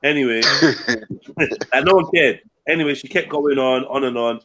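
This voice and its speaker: A man's voice: mid-range voice, measured pace, pushed and bright. A man, telling a story in casual, blunt, slangy podcast chat. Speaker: podcast co-host.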